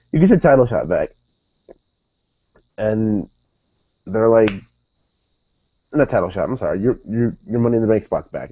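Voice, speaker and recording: A man with a lowish voice talks through a wrestling recap in a loose, rambling way, stopping to correct himself and tossing in "dude" and "like". The recording is dry and a little dull, with no room sound around him. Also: dry recording. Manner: rambling, self-correcting, says "dude" and "like" a lot. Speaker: wrestling show reviewer. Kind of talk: casual recap commentary.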